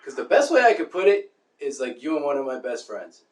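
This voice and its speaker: A young man co-hosting a podcast in casual chat, excitable and swearing, often repeating himself as he bickers. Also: fairly high pitch, fairly quick, slight background noise. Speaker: podcast co-host. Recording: roomy, distant from the mic.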